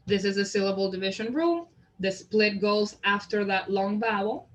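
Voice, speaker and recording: A woman leads a teacher-training session on reading instruction. She stretches each example word out slowly and carefully, then explains the rules in an ordinary mid-range voice. Her delivery is patient and instructional. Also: mid-range voice, rough recording. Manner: slow, deliberate word modeling. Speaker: literacy trainer. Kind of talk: instructional demonstration.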